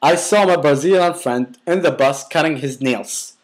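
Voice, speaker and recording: A man's voice: fairly high pitch, normal speed. A young man casually telling a personal story, rambling with many restarts and filler words, and swearing bluntly.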